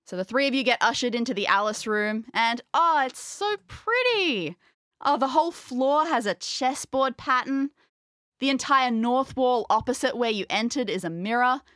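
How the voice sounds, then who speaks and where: A woman narrating a tabletop game as game master in the second person, lively and wry. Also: a little high, dry recording, clean studio sound.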